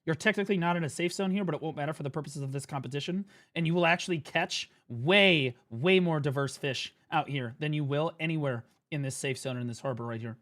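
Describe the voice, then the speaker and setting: A young man streaming a game, ranting and swearing excitedly as he explains it. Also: on the high side. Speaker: gaming streamer. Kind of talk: live gaming commentary.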